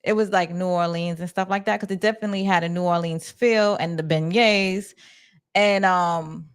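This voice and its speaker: A woman's voice: on the low side, fairly even intonation, normal speed, clear, resonant tone. Chatty New York woman on livestream. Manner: chatty, talks to her chat, restarts and fillers. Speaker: livestream host. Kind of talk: casual livestream chat. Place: her office, indoors.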